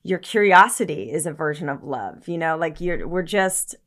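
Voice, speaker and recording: A woman's voice: low-pitched, animated, moderate pace, a bit bright. A woman as a podcast guest, talking earnestly in casual conversation, often searching for words and swearing casually.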